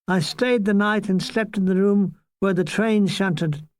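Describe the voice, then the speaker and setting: Older guy telling his own funny memoir, unhurried and dry, no room echo at all. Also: high-pitched. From Ireland. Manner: dry comic storytelling, quick asides and mock voices. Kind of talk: memoir narration.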